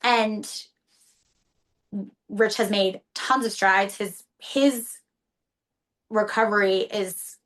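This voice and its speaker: Interviewed about her partner's stroke, a woman in her thirties talks openly and emotionally, sometimes tearful, frequently starting her thoughts over. She speaks extremely slowly with many pauses, in a mid-range, fairly bright voice.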